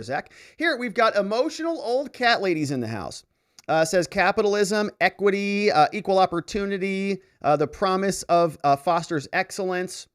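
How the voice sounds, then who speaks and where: A man hosting a livestream, casually reading out viewer comments and chatting about them with quick asides. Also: on the high side. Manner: chatty, reads comments aloud with asides and laughs.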